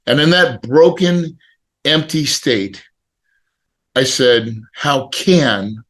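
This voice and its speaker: A middle-aged man on a podcast, telling a personal story in a casual, animated way and acting out the people he quotes. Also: medium pitch, drawn-out words, pauses often. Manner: animated, acts out quoted dialogue. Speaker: podcast guest.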